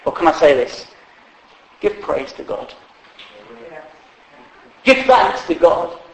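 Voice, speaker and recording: A man's voice: on the high side, very animated, slow. A man preaching a sermon in a humorous, conversational way, acting out quotes along the way. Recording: echoey hall.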